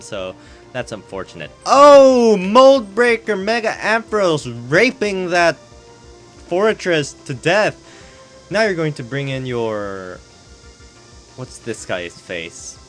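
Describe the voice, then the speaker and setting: A man's voice: mid-range voice, fairly bright tone. Rambling, swearing man commentating games. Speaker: game commentator. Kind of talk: live battle commentary. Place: home on a hot day.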